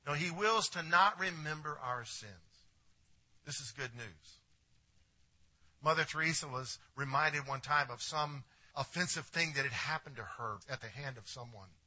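A male pastor delivers a sermon in a sharp, bright voice with a breathy, husky grain. He drops to near-hushed phrases and then lifts into emphatic declarations. He often turns to the congregation with direct questions. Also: fairly high pitch, unhurried. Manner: preaching with wide swings from hushed to emphatic.

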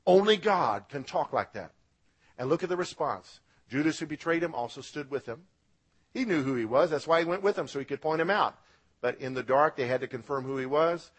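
A man preaching a sermon as pastor, swinging between loud emphatic lines and quiet low drops, asking the congregation to repeat words after him. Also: animated, a little fast, breathy edge. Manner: emphatic preaching, rising and dropping for effect.

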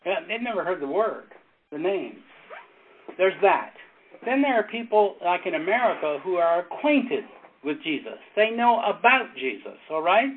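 Man, pastor, casual Bible study, halting restarts, chuckles, faint hiss. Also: sits high, very animated. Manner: rambling storyteller, halting restarts, chuckles often. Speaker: pastor and former Navy chaplain. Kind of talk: informal Bible study teaching. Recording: tinny phone-like sound with faint noise.

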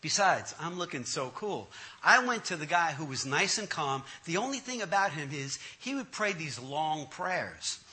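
A man's voice: on the high side, moderate pace. A man, an entertainer, telling his testimony as a comic story, laughing as he goes. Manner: animated, laughing through the story.

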